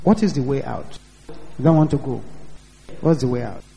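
A man's voice: medium pitch, lively intonation, normal speed, vocal fry, dark tone, long reverb tail, low-quality recording. A man preaching a sermon, repeating emphatic warnings to his listeners.

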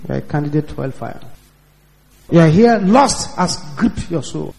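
A male preacher delivers an emphatic sermon in a high, strongly swinging voice. He drives his points home with repeated warnings. The sound carries a long hall reverb. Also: expressive, moderate pace, creaky, a little mellow.

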